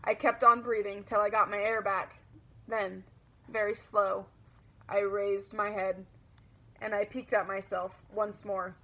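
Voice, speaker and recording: A woman narrating a children's audiobook in a lively, childlike storytelling manner. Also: mid-range voice, a little slow.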